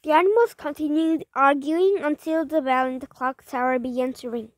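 Female reader, high-pitched, halting delivery with frequent self-corrections, dry close recording. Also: dry recording. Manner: halting, rereads and corrects words. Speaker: storybook reader. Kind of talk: reading a children's story aloud.

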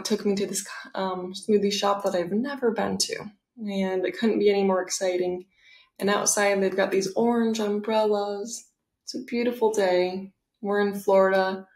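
A woman narrating a guided visualization, soft and dreamy, full of eager delight. Her voice sits at a middle pitch and is recorded with a noticeable roomy echo.

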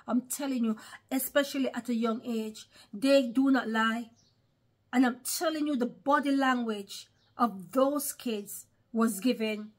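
A woman preaches online, giving religious commentary in a vlog with a slightly high, somewhat bright voice. She speaks with emphasis and keeps calling her audience brothers and sisters.

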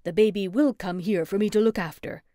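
A woman voicing an eccentric, bossy older witch aunt who speaks slowly and theatrically in an audiobook. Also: medium pitch, warm tone, dry recording, clean studio sound, close to an everyday voice. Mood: imperious.

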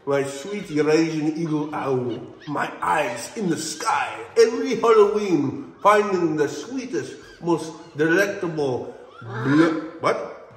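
Male vlogger as a campy fanged vampire, put-on accent, theatrical cackle, lively swooping delivery, outdoors. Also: on the high side, takes it slowly. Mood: hammy. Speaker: wildlife ranch owner. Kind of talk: comedic in-character vlog. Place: outdoors on a ranch.

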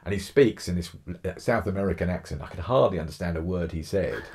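A middle-aged author from Kent, England, appears as a podcast guest, telling his story fast and acting out what other people said. His very low voice is husky, and he often restarts phrases in this animated, conversational storytelling.

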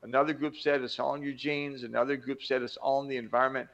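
A man's voice: mid-range voice, flat delivery, quick pace, fairly bright tone, dull audio. An older man giving an emphatic motivational talk, acting out quoted voices as he teaches. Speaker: self-help teacher.

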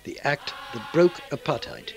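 A man reading scripted documentary narration in a measured, expressive way. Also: a little high, music in the background, rough recording.

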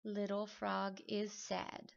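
A woman reading a children's story aloud, slow, careful and clear. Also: medium pitch, completely flat delivery, lo-fi sound. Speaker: storybook reader.

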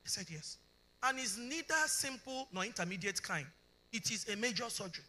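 Animated Nigerian woman preaching a testimony. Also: medium pitch, brisk. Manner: animated storytelling, often asks the congregation if they understand; acts out both sides of dialogues. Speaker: conference speaker. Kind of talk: testimony sermon.

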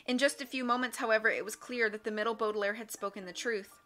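A woman narrating a storybook in a steady, wry way. Her voice is bright and crisp, with soft background music running faintly under her reading. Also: fairly high pitch, quick pace. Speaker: audiobook reader.

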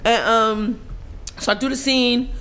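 A woman guest on a casual talk show, telling lively stories, swearing freely, laughing often and acting out other people's lines. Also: a little high, a little slow. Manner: laughs often while talking. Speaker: podcast guest. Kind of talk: casual storytelling interview.

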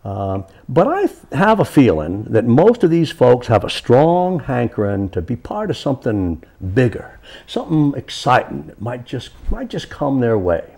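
A man voicing a folksy old Southern country storyteller, with a Southern US accent and an unhurried, homespun way of rambling. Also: medium pitch, sing-song, a little mellow. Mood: musing.

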